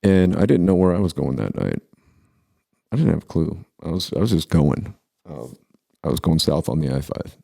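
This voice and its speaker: A man in his forties telling a personal story casually, halting and restarting as he goes. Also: extremely low pitch, big pitch swings, vocal fry, warm tone. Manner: halting, with many pauses and restarts.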